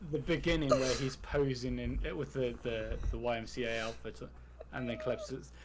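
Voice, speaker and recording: A man's voice: mid-range voice, steady tone, moderate pace, noisy background. A man chatting casually on a podcast about a TV show, frank and freely swearing. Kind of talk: casual TV discussion chat.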